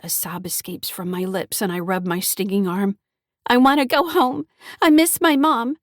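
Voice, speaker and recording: A woman's voice: lowish voice, flat delivery, normal speed, a little mellow, no echo, natural voice. A woman narrating an audiobook as a frightened teenage granddaughter, shaky and pleading, in a dry close recording.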